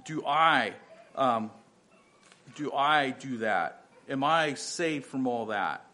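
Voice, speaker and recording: A man's voice: medium pitch, animated, slow pace, sharp tone. A man in his fifties, a pastor giving a sermon, moving from earnest personal storytelling to emphatic preaching with many restarts.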